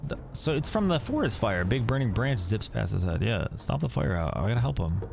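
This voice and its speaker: A man reading a text adventure aloud and breaking in with jumpy, excitable reactions. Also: lowish voice, a little fast, vocal fry, noisy background. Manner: reads story text then reacts with jumpy, excitable commentary. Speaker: gaming YouTuber.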